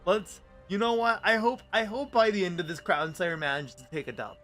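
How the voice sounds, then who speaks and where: A man's voice: sits high, brisk, a bit bright, faint music behind. A man streaming live, chatting with viewers in a rambling, playful way. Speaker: VTuber streamer. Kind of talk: casual livestream chat.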